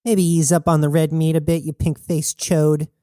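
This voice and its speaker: A man's voice: fairly high pitch, flat delivery, normal speed, mellow, no room sound, studio quality, pitched above the performer's own voice, close to an everyday voice. A man voicing a brash, mocking female crew boss in an audiobook reading. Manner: taunting, teasing.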